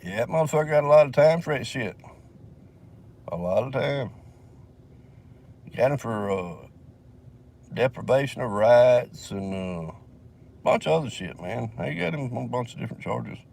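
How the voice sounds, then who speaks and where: A man's voice: medium pitch, lively intonation, moderate pace, creaky, pauses often, a little mellow. A man from Alabama with a Southern accent, telling a long story in a casual vlog, swearing heavily and rambling with fillers, recorded in a vehicle.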